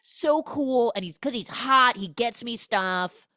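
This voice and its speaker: A woman's voice: a little high, expressive, takes it slowly, bright, forceful tone, dry recording, clean studio sound, pitched above the performer's own voice, full character voice. A woman voicing a defensive teenage boy who whines in a pouty way. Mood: upset. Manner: whining, pouty.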